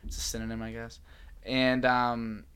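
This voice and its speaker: A man's voice: medium pitch, monotone, unhurried, fairly bright tone, clear, resonant tone. Rambling young New man. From Massachusetts. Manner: rambling, playful, many likes and restarts. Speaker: podcast host. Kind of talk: casual chat.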